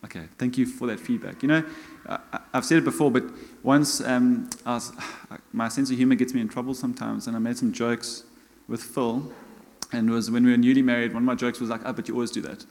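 A man's voice: mid-range voice, little pitch movement, fairly quick, darkish tone. A middle-aged South African man preaching a sermon as a church elder, conversational and self-mocking in his humor. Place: church hall. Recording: long church hall reverb.

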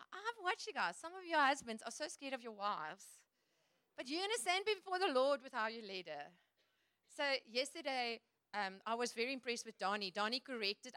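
Woman, preacher, earnest chatty sermon, bright tense voice, fairly high, dry close sound. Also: no room sound. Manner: earnest, chatty, laughs easily. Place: church.

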